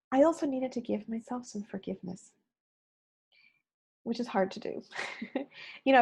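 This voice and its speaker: A woman's voice: on the high side, vocal fry, mellow, husky. A woman giving an earnest, personal keynote talk on video, speaking conversationally and often saying "you know". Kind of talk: motivational talk recorded on video.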